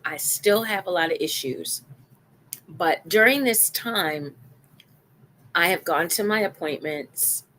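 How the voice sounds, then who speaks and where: A woman's voice: on the low side, animated, takes it slowly, long pauses, pushed and bright, a little hiss or hum. A middle-aged woman hosting a live-stream talk show, chatting casually and repeating phrases for emphasis.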